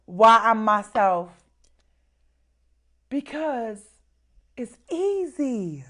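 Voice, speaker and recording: Casting note: high-pitched woman, animated guest, laughs and repeats for emphasis. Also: very slow. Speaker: show guest. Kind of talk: casual live-stream chat.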